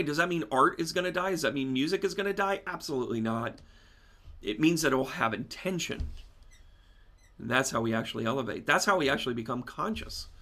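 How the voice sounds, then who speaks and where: A man hosting a casual live stream as a spiritual medium and astrology teacher, chatting animatedly with viewers and breaking into loud laughter. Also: fairly high pitch.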